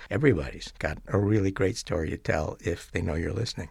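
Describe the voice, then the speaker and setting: A man hosting a radio show in a studio, telling stories in a gentle, unhurried way with dramatic pauses. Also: low voice, creaky, husky, no room sound. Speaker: host. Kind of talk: storytelling radio host.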